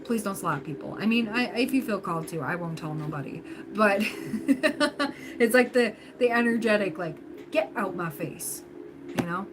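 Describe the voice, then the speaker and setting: A woman's voice: mid-range voice, animated, normal speed, noisy background. A woman hosting a tarot reading livestream, talking casually and encouragingly to her viewers with lots of fillers. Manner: chatty, encouraging, frequent laughs and fillers. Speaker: tarot reader livestream host.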